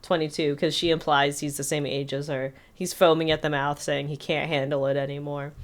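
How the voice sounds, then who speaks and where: A woman co-hosting a casual podcast, retelling a film plot with lively acted-out quotes. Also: deep voice, fairly quick. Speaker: podcast co-host.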